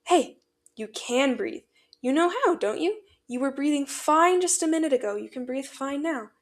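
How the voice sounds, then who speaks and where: Woman voicing a tearful young man pleading gently. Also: sits high, a little slow. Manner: urgent, pleading, near tears. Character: young man, frantic, comforting a panicking friend.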